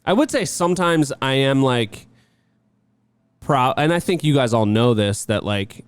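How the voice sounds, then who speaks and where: A man co-hosting a casual podcast, his voice clean and smooth at an everyday pitch. He rambles and restarts with lots of fillers and slips into sarcastic jokes. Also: expressive, measured pace, no room sound. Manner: joking, sarcastic. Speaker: podcast co-host. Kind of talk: casual chat.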